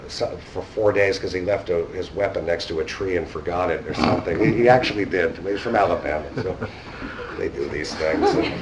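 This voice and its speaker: A man's voice: low-pitched, brisk, very noisy. New man telling a rambling story. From New York. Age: 50s. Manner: rambling, casual, acts out quoted dialogue. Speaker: conference speaker. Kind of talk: anecdotal storytelling talk. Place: conference hall. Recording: distant mic in a hall.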